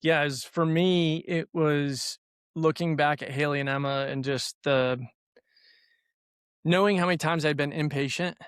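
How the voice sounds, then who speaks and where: A man's voice: a little high, fairly even intonation, measured pace, smooth, dry recording, clean studio sound. A middle-aged man hosting a faith-based conversation, telling stories in an earnest, reflective way. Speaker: podcast host.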